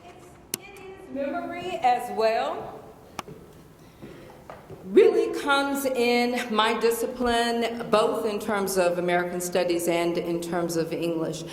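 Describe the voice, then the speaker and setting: A woman's voice: a little high, slow, a little hiss or hum. Emphatic Southern woman in an echoey hall. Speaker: guest lecturer. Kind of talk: lecture Q&A. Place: large lecture hall. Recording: echoey hall with long reverb.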